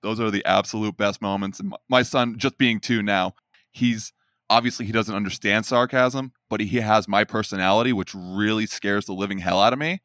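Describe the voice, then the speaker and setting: A man in his thirties hosts a casual podcast interview, full of enthusiasm and hype for his guest. His voice sits a little low, and the recording is dry and close. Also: fairly even intonation, fairly quick, a bit bright, no room sound. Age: 30s. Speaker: podcast host.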